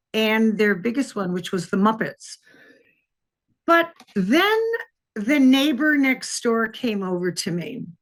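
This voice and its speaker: A woman in her sixties from Wisconsin, a retired police detective telling her life story in an interview, lively and acting out quoted dialogue. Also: medium pitch.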